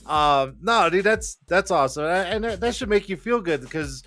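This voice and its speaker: A man's voice: high voice, lively intonation, normal speed, a bit bright. A man hosting a casual chat show, rambling with repeated phrases and lots of fillers. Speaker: host.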